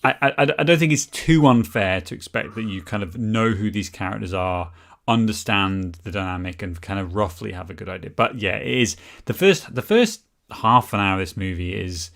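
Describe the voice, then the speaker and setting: A man co-hosting a casual film podcast, defending his view with excited, stumbling restarts. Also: on the low side, normal speed, gravelly. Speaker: podcast co-host. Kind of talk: casual chat.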